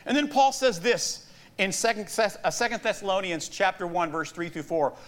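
A middle-aged man pastor preaching a sermon, telling stories with animated asides and laughs. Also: sits high, moderate pace.

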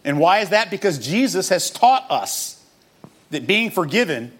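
A man preaching a sermon to a church crowd, emphatic and animated, mixing jokes into his message. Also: sits high, a little slow, slightly rough. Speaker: pastor. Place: church stage with audience.

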